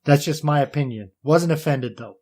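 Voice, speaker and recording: A man's voice: a little high, moderate pace, a little mellow. Blunt, joking male podcast host. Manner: blunt, profane, teasing. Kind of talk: casual podcast chat.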